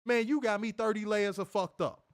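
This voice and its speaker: A man's voice: high voice, a little fast. A man co-hosting a wrestling review show, ranting casually with frequent swearing and mimicked voices. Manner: animated, swears freely, mimics voices, laughs loudly. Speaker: podcast co-host reviewing wrestling. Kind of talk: casual profane commentary.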